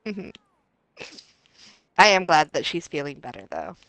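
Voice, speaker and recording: A woman's voice: sits low, sing-song, measured pace, a bit bright, no room sound, poor audio. A woman in her thirties chatting and teasing her friend during a game stream, laughing often. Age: 30s. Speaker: co-player on a stream. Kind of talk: casual chat while gaming.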